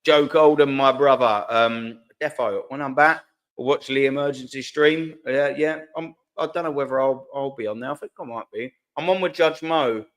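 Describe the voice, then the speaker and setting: A man's voice: medium pitch, moderate pace. Laid-back slangy man hosting a live stream. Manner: laid-back, slangy, reads chat aloud. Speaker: host of a live fan stream. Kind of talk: casual live-stream chat.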